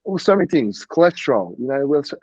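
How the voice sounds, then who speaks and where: A man talks in a loose, rambling way, peppering his sentences with fillers and the odd swear. His voice is mellow and relaxed. The sound is dry and a bit dull. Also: medium pitch, fast, breathy edge, dry recording. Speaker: podcast guest, bodybuilding coach. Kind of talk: casual interview chat.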